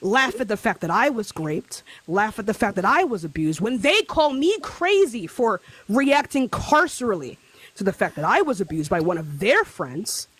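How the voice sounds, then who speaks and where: A woman guest on a livestream panel, arguing passionately and building to shouting. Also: mid-range voice, sing-song, moderate pace, husky, low-quality recording. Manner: impassioned, escalating into shouting. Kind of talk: heated livestream panel argument.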